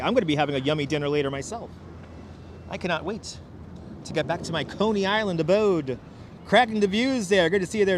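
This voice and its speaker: High-voiced Brooklyn man streaming outdoors. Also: slight background noise. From Brooklyn, New York. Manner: chatty, reads out viewer names and jokes with chat. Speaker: live-stream host. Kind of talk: live-stream walking tour chat. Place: outdoors on a city waterfront. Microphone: wireless clip-on mic.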